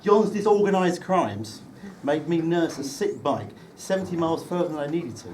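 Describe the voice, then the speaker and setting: A man delivers a joking wedding speech about the groom, lively in pitch and dry in his timing. He is picked up from a distance at the reception, with loud room noise behind him. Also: normal speed. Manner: dry, teasing storytelling with comic timing.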